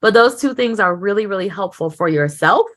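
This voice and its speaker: A woman's voice: mid-range voice, brisk. A woman in her thirties, an emotional intelligence expert, talking animatedly in an interview and acting out quoted voices. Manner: animated, acts out quoted voices, laughs often. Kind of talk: conversational interview.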